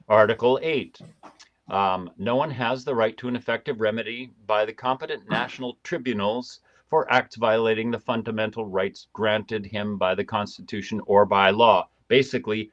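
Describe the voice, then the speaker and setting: A man hosting a live stream, reading through a document and twisting it sarcastically, halting often with fillers. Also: medium pitch, a bit bright, lo-fi sound. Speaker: host.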